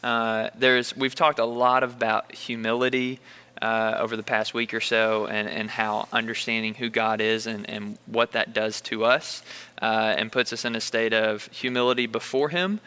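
A man from Kentucky hosting a casual Bible study discussion, speaking in an earnest, unhurried, thoughtful way. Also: lowish voice, steady tone, bright, forceful tone, clear, resonant tone. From Bullitt County, Kentucky.

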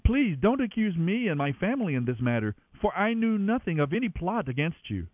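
A faithful priest pleading his innocence, earnest and defensive, as a male reader gives him voice. The pitch is fairly high and moves expressively. The sound is dry and thin, like a radio line. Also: very animated, a little fast, no room sound. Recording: tinny narrow-band radio, dry.

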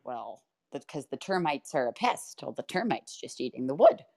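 A woman guest in a casual chat, telling stories in an animated way, swearing and laughing often. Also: very deep voice, normal speed, gravelly. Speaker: podcast guest.

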